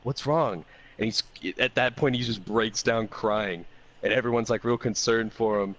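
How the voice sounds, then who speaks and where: A man co-hosting a podcast, telling a long profane party story in a loose, animated way. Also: fairly low pitch, normal speed. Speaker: podcast co-host. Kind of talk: casual storytelling chat.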